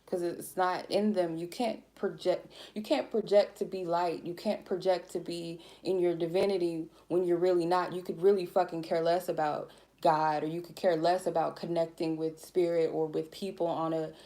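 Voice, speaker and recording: A woman tarot reader giving a blunt, profane, laid-back spiritual reading in a mellow, chill way. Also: fairly low pitch, little pitch movement, normal speed. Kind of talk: casual spiritual reading monologue.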